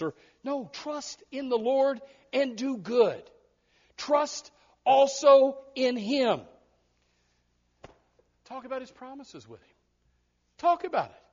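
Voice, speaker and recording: Preacher, male, very high and lively voice, emphatic sermon, dull lo-fi recording. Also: normal speed. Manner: emphatic, repeats words when restarting.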